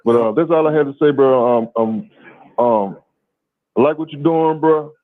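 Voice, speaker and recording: A man from calls in and tells a story in a profane, animated way, often repeating words as he stammers. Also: mid-range voice, normal speed. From Louisiana, USA. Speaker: caller. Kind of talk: casual call-in storytelling. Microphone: phone call. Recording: tinny phone line.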